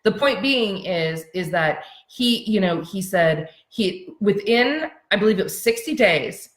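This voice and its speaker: Animated woman coach in echoey room. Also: medium pitch, a little slow. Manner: animated, chatty, many fillers and acted-out quotes. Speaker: business coach. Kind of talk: workshop teaching with storytelling. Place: seated in a roomy space, sitting cross-legged.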